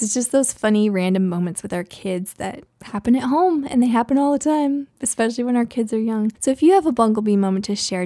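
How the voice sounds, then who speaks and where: Chatty mom podcaster with a mellow voice. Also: female voice, medium pitch, gravelly, dry recording, clean studio sound. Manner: chatty, laughs often, warm storytelling. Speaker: podcast host. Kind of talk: casual solo podcast chat.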